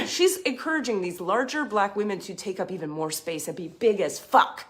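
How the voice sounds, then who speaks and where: A woman in her thirties talks through spiritual ideas in loose, unscripted chat. She is passionate and blunt, curses freely, and drops from emphatic bursts into quieter asides. Her voice sits at a middle pitch for a woman. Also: animated, normal speed, hardly any pauses. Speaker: spiritual advice host. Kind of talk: casual spiritual talk, unscripted.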